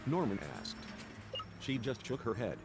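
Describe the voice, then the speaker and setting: Over background game music and a noisy backdrop, a man with an expressive, medium-pitched voice narrates a let's play at a measured pace. He reads the story text aloud and voices the characters lightly, shifting his tone for their dialogue.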